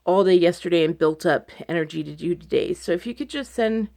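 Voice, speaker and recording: A woman's voice: on the low side, fairly quick, darkish tone. A woman talking to her followers in a personal video diary, anxious and close to tears, rambling with many fillers. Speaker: vlogger. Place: indoors at home.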